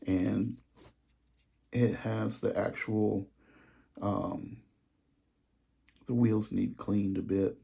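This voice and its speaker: Slow, mellow-voiced excited train hobbyist man. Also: lowish voice, gravelly. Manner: excited, gushing, trails off in hushed asides. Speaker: model train hobbyist showing his collection. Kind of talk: casual hobby vlog.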